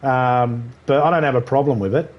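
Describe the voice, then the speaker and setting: A man's voice: mid-range voice, fairly even intonation, normal speed, lo-fi sound. A man streaming a video game live, riffing in crude, rambling banter and laughing at his own jokes.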